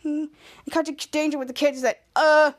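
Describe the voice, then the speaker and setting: Woman, podcast host, high voice, casual recap, rambling, self-correcting, giggly. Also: level tone, fairly quick, a little mellow.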